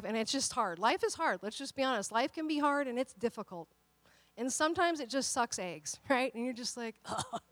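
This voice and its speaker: Woman pastor giving a sermon, high voice, dry close sound, tells stories then gets fired up. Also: a bit bright, dry recording. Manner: personal storytelling, quotes voices in dialogue, builds to emphatic exhortation.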